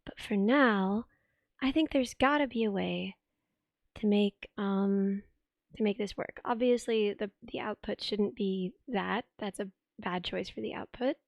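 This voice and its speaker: A young woman with a sick voice, chatting on a live stream, thinking aloud as she tinkers and thanking viewers with excitement. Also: mid-range voice, measured pace, vocal fry, no echo, highs cut off. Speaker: livestreamer. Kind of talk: casual live stream chat. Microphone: desk streaming microphone.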